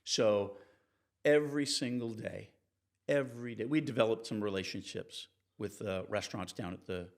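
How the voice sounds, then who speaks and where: A man, a TV reporter and interview guest, telling anecdotes in a relaxed, animated way and acting out the people he quotes. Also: moderate pace. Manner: animated, acts out quoted people with raised pitch. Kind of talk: conversational storytelling in an interview.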